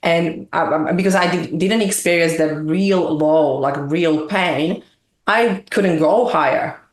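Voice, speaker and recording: A woman's voice: low-pitched, slow pace. A woman guest in an interview, talking earnestly in long, winding explanations. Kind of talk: reflective interview talk. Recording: echoey room.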